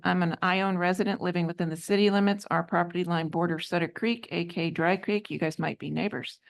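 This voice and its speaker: A woman on a city council, reading applicants' letters aloud at a meeting, hesitant, with many ums and slips. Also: fairly low pitch. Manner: hesitant, many ums, trips over words. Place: council chamber.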